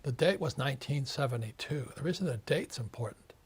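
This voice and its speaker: An author in his seventies, interviewed, speaks fairly quickly and expressively in a mid-range voice with a breathy edge. His talk is an animated, emphatic rant with repeated words and imitations of others.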